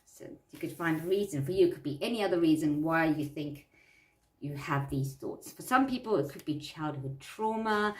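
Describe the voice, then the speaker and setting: A woman's voice: sits low, expressive, normal speed, a little mellow, reverberant, recorded from a distance. A woman coaching listeners through a self-help worksheet in an earnest way, repeating phrases for emphasis.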